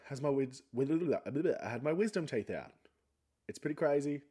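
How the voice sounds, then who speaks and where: A man's voice: fairly high pitch, expressive, unhurried, warm tone, husky. A young man hosting a solo podcast, talking a little funny from a sore jaw after having his wisdom teeth out, in a rambling, chatty, self-mocking way. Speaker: podcast host. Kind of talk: casual solo podcast chat.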